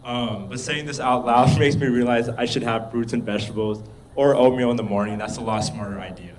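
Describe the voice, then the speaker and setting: A man's voice: medium pitch, steady tone, fairly quick, slight background noise. A man taking part in a speaking practice, answering hesitantly with fillers. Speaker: workshop participant. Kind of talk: impromptu practice speech. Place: meetup room.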